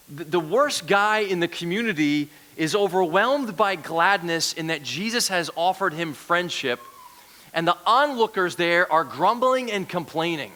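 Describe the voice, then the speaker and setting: A man's voice: a little high, lively intonation, a little slow, bright, forceful tone. A man giving a conversational sermon as a guest preacher, asking the congregation questions. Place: church.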